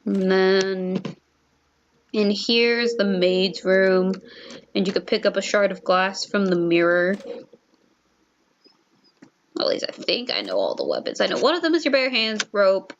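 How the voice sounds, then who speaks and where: A woman's voice: mid-range voice, lively intonation, unhurried, long pauses, muffled recording, slight background noise. A young woman streaming a game, chatting casually with lots of "like".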